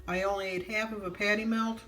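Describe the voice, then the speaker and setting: A woman's voice: mid-range voice, steady tone, a little fast, a bit bright. A middle-aged woman from the United States chatting casually in a rambling, storytelling way with frequent fillers. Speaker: vlogger. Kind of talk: casual chat.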